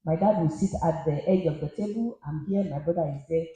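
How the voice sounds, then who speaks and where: A woman's voice: low-pitched, brisk, mellow. Earnest woman speaking in an echoey hall. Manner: earnest and reflective. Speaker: panel guest. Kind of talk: personal testimony on a panel. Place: conference hall at a media summit.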